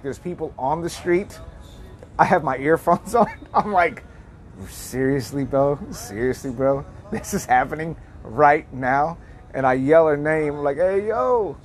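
A man telling a personal story in a casual, rambling, reflective way, full of restarts and "like". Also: on the high side.

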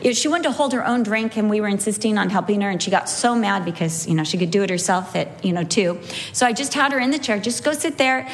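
Animated woman teaching a Bible lesson. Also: medium pitch, slight background noise. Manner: animated storyteller, slows for emphasis. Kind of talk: sermon teaching with anecdotes.

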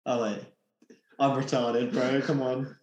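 A man chatting with friends on a podcast, loud and teasing. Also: mid-range voice, steady tone, slow, echoey room, muffled recording. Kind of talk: casual chat among friends.

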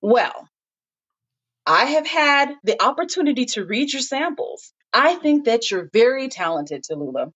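A woman's voice: on the high side, very animated, unhurried, fairly bright tone, husky, heavily acted. A woman voicing a confident, businesslike magazine editor on a phone call. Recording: dull lo-fi recording.

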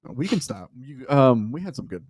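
A young man hosting a casual podcast, telling stories in an animated way and laughing often. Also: medium pitch, fairly quick, crowd noise. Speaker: podcast host. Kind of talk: casual chat.

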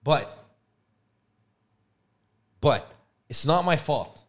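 A young man co-hosting a casual podcast, with a slightly raised pitch and a very lively, bouncing delivery. He tells stories freely, swears often, and breaks into loud, high outbursts. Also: extremely slow. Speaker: podcast co-host. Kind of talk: casual chat.

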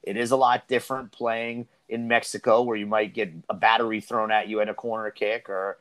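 Low-voiced man in animated soccer talk. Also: brisk. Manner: animated, rambling, many restarts. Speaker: soccer coach and podcast host. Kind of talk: casual podcast discussion.

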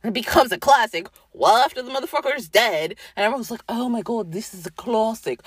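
A woman's voice: a little high, a little fast, few pauses, husky, no echo. A woman hosting a podcast, ranting casually with profanity and sarcasm, often mock-quoting other people. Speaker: podcast host.

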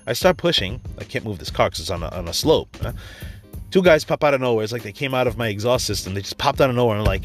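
A man's voice: medium pitch, expressive, quick pace, soft background music. A man giving a casual motivational talk, blunt and profane, telling a personal story and acting out quotes along the way. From New York area. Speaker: motivational speaker.

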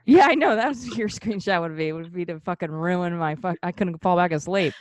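A woman's voice: lowish voice, fairly quick. A woman co-hosting a podcast, playing the joking skeptic who interrupts and swears freely. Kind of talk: casual banter.

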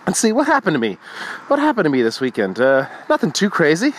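A man's voice: a little high, wildly swooping pitch, fast talker, a little hiss or hum. A young man hosting a casual morning podcast, rambling and wry, swearing freely. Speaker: podcast host.

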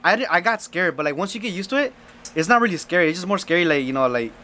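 A man's voice: high voice, lively intonation, fast talker, bright, forceful tone. A man chatting casually with friends, talking with a laugh in it. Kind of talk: casual chat.

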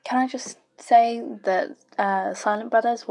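A woman's voice: fairly high pitch, steady tone, normal speed, gravelly, mellow. A young woman giving casual, blunt, sweary reaction commentary while watching a show. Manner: blunt, sweary, chatty asides. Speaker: YouTube reaction host.

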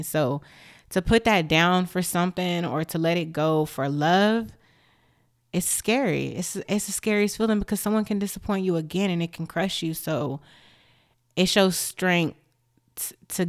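A young adult woman hosting a podcast, talking candidly and rambling with lots of filler words while high. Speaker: podcast host. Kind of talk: casual chat.

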